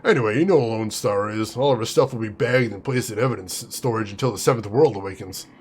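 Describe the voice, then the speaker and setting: A man voicing a grieving, soft-spoken friend. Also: fairly low pitch, quick pace, breathy edge, pitched below the performer's own voice. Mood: sad. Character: grieving male friend of a murder victim.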